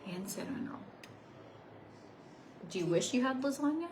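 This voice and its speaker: A woman's voice: high voice, expressive, normal speed, darkish tone, a little hiss or hum. A young adult woman, a beauty vlogger chatting casually while doing her makeup, now and then dropping into a whisper. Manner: chatty, sometimes drops to a whisper. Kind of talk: casual get-ready-with-me chat.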